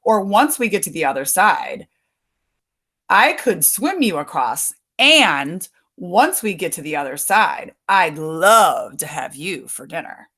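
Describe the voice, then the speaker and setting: A woman voicing a sly, smooth-talking male alligator in a read-aloud story, speaking slowly and slyly. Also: lowish voice, sing-song, fairly bright tone, exaggerated voice. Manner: slow, sly and drawn-out.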